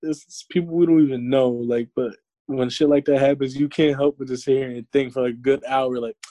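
A young man in casual talk, cursing freely as he acts out the people in his stories. His voice is mellow and dark, with little bite at the top. The sound is dry and close, with no room around it. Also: mid-range voice, moderate pace, no room sound. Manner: profane, animated storytelling with acted-out quotes. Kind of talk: casual chat. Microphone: remote call audio.

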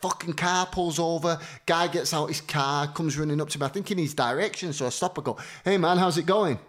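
A man's voice: on the high side, fairly quick. A man telling stories in casual chat as a podcast co-host, swearing and acting out the people in them. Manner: animated storytelling, swearing, acting out voices.

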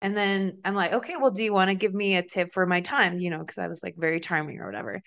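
A young woman from Mexico co-hosting a podcast, telling stories in a casual, animated way and acting out the dialogue. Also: lowish voice, fast, lo-fi sound. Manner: chatty, animated storyteller who acts out quoted dialogue. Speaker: podcast co-host. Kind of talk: casual chat, storytelling.

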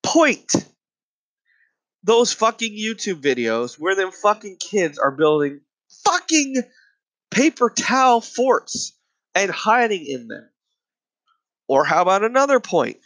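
A man rants in a comedy bit, angry and exasperated, with swearing in almost every sentence. His voice sits high for a man. He sounds fed up and worked up throughout. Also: big pitch swings, takes it slowly, pauses often, a bit bright, poor audio. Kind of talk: profane comedic rant.

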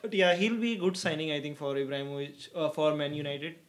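A young man co-hosting a casual football chat, opinionated and quick to laugh. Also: a little high, steady tone. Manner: chatty, opinionated, laughs often. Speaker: co-host.

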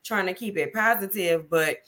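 A woman's voice: medium pitch, normal speed, fairly bright tone. A woman hosting a podcast, talking casually and emphatically in a motivational, chatty way. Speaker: podcast host.

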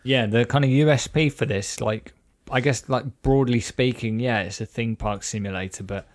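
A man's voice: mid-range voice, normal speed, no echo. A man co-hosting a podcast, chatting casually and rambling upbeat through a list, his filler-laden talk sitting in the middle of the male range. The sound is dry and close, with no room around it. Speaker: podcast co-host.

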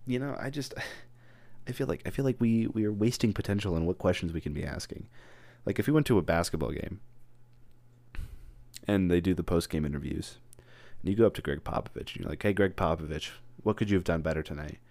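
A man's voice: low voice, lively intonation, a little fast, creaky, a little mellow, no room sound. A young man vlogging alone, joking and rambling off on tangents as he acts out mock interviews. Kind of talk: casual rambling monologue.

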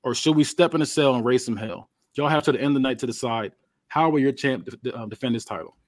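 A swaggering male wrestling champion, put on by a man throws boasts and insults at his rivals in quick succession. The delivery is fast and dry, close to the mic with no room around it. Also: medium pitch, dry recording, lightly acted. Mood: cocky. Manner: cocky, boastful trash talk. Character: brash trash-talking male wrestling champion. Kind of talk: improvised wrestling promo.

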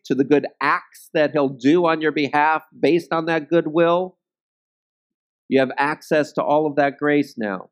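A man teaching a Bible study in a conversational way, often checking in with "okay?" and "right?" and joking at his own expense. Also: medium pitch. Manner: self-deprecating humor.

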